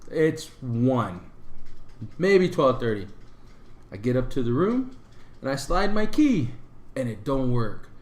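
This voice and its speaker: A man's voice: medium pitch, takes it slowly, pauses often. Man telling a rambling story, roomy sound. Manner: rambling, animated retelling with filler words. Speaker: podcast co-host. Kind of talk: casual storytelling. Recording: roomy echo.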